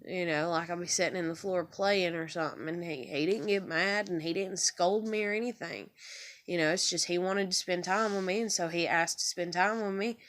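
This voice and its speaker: Young woman vlogger, low-voiced, near tears, rambling and swearing; raw confessional monologue. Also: moderate pace, a bit bright. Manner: rambling, profane, heartfelt. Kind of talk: emotional personal monologue to camera. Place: bedroom.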